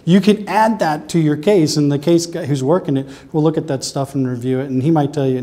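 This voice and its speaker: A man with a Southern US accent talks to a room of customers in a loose, chatty way, throwing in quick asides. His voice sits a little higher than most men's. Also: mellow. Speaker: presenter. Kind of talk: conference talk.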